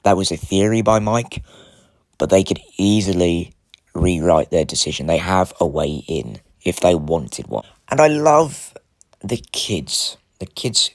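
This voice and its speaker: A man with a low voice talks straight to camera about a TV finale, gushing and rambling in quick bursts that often restart mid-thought. The recording is close and dry, with no room sound around him. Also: very animated, dry recording. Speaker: TV show reviewer. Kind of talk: casual spoiler review to camera.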